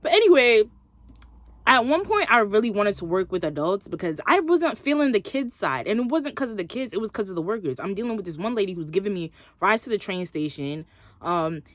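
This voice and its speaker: A woman's voice: mid-range voice, no echo. A young woman vlogging, chatting expressively as she tells a story and acts out what others said. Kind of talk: casual storytelling to camera.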